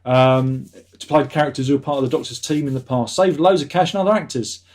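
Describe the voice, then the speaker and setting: His voice is mid-range and darkish as he runs a review livestream, casually chatting and reading viewer comments aloud. He's sarcastic and quick to anger, often slipping into a rant.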